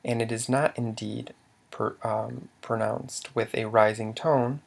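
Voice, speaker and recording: A man's voice: mid-range voice, fairly even intonation, a little slow, vocal fry. A man narrating a slide lesson as a language teacher. He asks questions, answers them himself, and often stops to restart a word.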